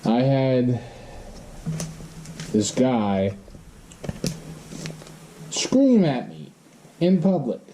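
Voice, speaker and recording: Man, deep mellow voice, slow unhurried pace, blunt, heavy swearing, casual monologue. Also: sing-song, a little hiss or hum. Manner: blunt and profane, swears constantly.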